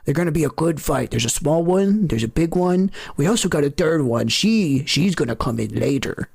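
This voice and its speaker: A man's voice: on the high side, animated, moderate pace, creaky, darkish tone, husky, full character voice. A man playing an offhand fantasy bookie. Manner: rambling, offhand. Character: male bookie at a betting window, impatient.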